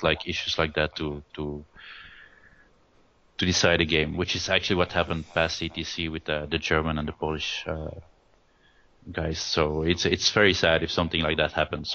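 Man, very low voice, monotone, hesitant with fillers, dull lo-fi recording. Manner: hesitant, many restarts and fillers. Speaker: guest, tournament rules writer. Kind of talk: casual interview over a call. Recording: dull lo-fi audio.

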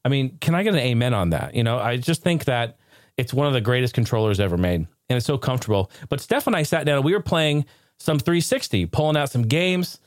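A man hosting a casual live stream, excitable and ranting one moment, joking the next. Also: medium pitch, brisk, dry recording, clean studio sound. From United States. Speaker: streamer and show host.

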